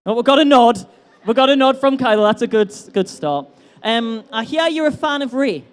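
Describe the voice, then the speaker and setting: A man's voice: extremely high pitch, expressive, normal speed, clean tone. A man hosting a live convention stage game, teasing contestants with upbeat, jokey banter.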